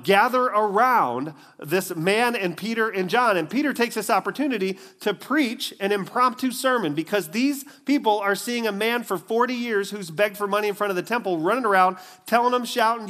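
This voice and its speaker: Brief: animated male preacher, fairly high voice, storytelling sermon. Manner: animated storytelling, acts out the scenes. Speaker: pastor.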